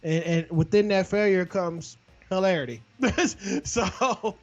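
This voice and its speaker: A man's voice: high-pitched, takes it slowly, lo-fi sound. A man co-hosting a film review podcast, speaking in a laid-back, hesitant way. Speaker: podcast co-host. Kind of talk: casual film review chat.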